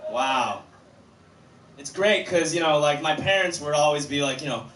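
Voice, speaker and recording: A male comic with a high voice chats easily with the crowd, dropping plenty of "you know". He is heard from back from the mic in an echoey room with faint noise. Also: expressive, normal speed, a bit bright. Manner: easygoing, chatty, lots of "you know". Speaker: stand-up comedian. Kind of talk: stand-up comedy. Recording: echoey club stage from far off.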